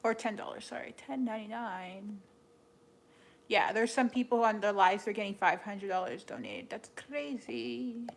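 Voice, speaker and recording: A woman's voice: medium pitch, steady tone, moderate pace, slight background noise. A young woman chatting casually on a livestream, thanking donors and joking with a dry, sarcastic edge. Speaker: live streamer. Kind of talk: casual livestream chat reading donations.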